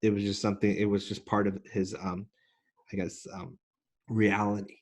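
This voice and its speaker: Earnest male guest with a lowish voice who talks in halting restarts. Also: little pitch movement, a little mellow. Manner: earnest, with frequent restarts and fillers. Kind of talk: casual interview talk.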